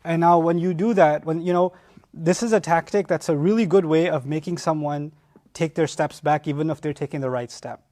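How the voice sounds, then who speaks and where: A man teaching a Quran study lecture, animated and often acting out quoted lines. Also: on the high side, brisk.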